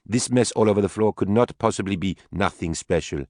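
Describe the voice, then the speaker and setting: In a storybook reading, an earnest, searching wife presses her husband with one question after another, as a man voices her in a raised voice. Her deep-set delivery stays dry and close, with no room around it. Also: a little fast, warm tone, no echo, lightly acted.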